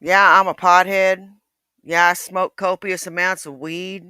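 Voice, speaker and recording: High bright-voiced dude, blunt and offhand, dry close sound. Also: male voice, flat delivery, measured pace, smooth, no echo. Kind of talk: casual livestream chat.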